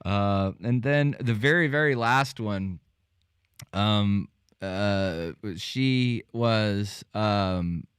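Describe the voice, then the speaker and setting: A man's voice: on the low side, very slow, clear, resonant tone, dry recording, clean studio sound. A man hosting a podcast, telling casual rambling anecdotes full of fillers and restarts. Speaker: podcast host. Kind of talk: casual chat, storytelling.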